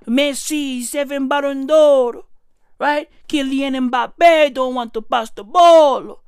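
A woman's voice: sits high, slow pace, smooth, no echo, studio quality. A woman doing a profane comedic rant, heavy on slang, riffing and swearing constantly. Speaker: comedic commentator.

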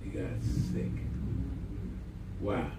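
A man's voice: low-pitched, fairly even intonation, drawn-out words. A man preaching as a pastor, telling stories with humor, folksy phrasing and call-and-response. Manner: folksy, uses "y'all". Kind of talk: sermon. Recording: echoey room, voice from a distance, audible background noise.

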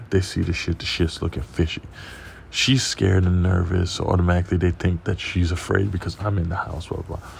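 A man hosting a podcast, telling a profane, animated story in casual monologue. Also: deep voice, brisk, vocal fry, slight background noise. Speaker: podcast host.

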